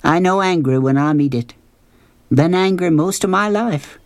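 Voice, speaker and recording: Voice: mid-range voice, moderate pace, no echo, voice pushed up, close to an everyday voice. A reader voicing a tough, plain-spoken grown woman who works at a motel, talking in a blunt folksy way. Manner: blunt folksy dialect, teasing.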